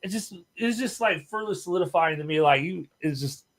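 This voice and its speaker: A man's voice: high-pitched, animated, fairly quick. A man, a guest on a show, telling stories in a casual, profane, rambling way and laughing often. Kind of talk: casual storytelling chat.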